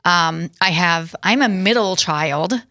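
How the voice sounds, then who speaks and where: A woman from South Dakota hosting a casual studio chat and running a quiz, upbeat and quick to laugh. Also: lowish voice, bright, forceful tone, no echo. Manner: giggly, upbeat, talks through laughs. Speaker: host.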